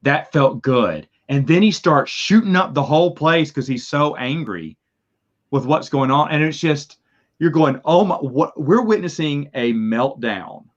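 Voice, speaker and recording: A man in casual podcast chat, telling the story animatedly and acting out his reactions with sudden high yelps. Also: animated, unhurried. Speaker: podcast co-host. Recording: slightly dull, lo-fi sound.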